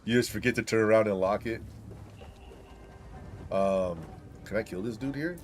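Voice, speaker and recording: A man hosting a gaming channel, chatting casually while he plays and telling stories in an excitable, profane way full of "dude". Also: lowish voice, moderate pace, faint music behind.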